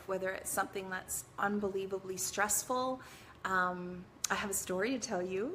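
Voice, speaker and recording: Bright, chatty woman hosting a live stream. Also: medium pitch, a little hiss or hum. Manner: chatty and animated, laughs often, greets viewers by name. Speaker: host of a live-streamed advice show. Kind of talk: casual live-stream talk.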